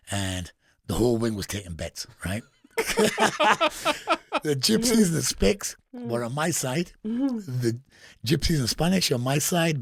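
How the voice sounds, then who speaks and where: A man's voice: medium pitch, no echo, clean studio sound. A man with a Geordie accent telling prison stories as a podcast guest, blunt and full of swearing, laughing at his own tales. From England. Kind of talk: storytelling in casual interview.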